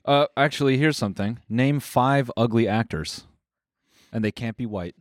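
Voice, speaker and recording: A man's voice: medium pitch, normal speed, dry recording, clean studio sound. A man co-hosting a podcast in casual chat, teasing his partner in a laid-back way and laughing often. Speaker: podcast co-host.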